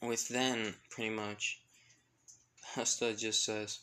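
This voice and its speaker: Male storyteller improvising a fan story; loose and rambling, creaky delivery. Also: medium pitch, moderate pace, fairly bright tone. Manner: rambling, many fillers and self-corrections. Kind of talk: casual improvised story narration.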